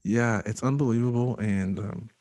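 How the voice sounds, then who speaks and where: A young man giving a personal testimony in an interview, earnest and halting, with many fillers and pauses. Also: on the low side, a little mellow. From Michigan. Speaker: interview guest.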